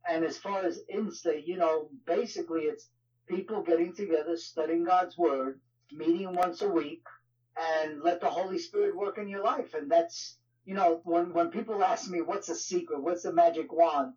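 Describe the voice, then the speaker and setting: A man's voice: high-pitched, fairly even intonation, normal speed, a little mellow, highs cut off. A man with a New York accent, a ministry leader talking as a guest in an interview, conversational with frequent fillers. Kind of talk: casual interview talk.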